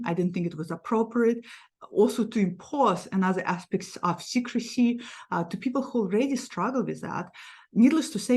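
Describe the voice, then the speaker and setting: A middle-aged woman, a psychologist hosting her own channel, telling a personal story in a frank, animated way with many restarts. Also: fairly low pitch. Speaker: psychologist and tarot channel host. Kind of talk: casual sit-down talk to camera.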